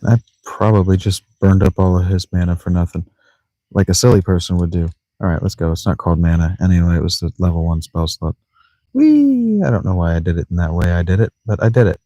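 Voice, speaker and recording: This let's play streamer talks fast in a deep, warm, level voice with no echo. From a sleeping bag inside a tent, he rambles over his gameplay, cracking jokes to himself and deliberately mangling words.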